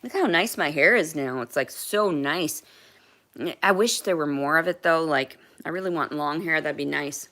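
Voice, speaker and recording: A woman's voice: deep voice, moderate pace, sharp tone. A woman chatting on a livestream in a rambling, emotional way, with casual swearing.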